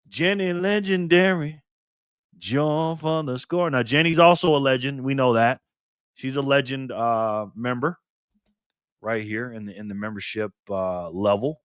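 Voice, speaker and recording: A man's voice: mid-range voice, a bit bright, no room sound, clean studio sound. A man hosting a casual live stream, greeting viewers by name and reading chat aloud in a friendly, chatty way while recovering from illness.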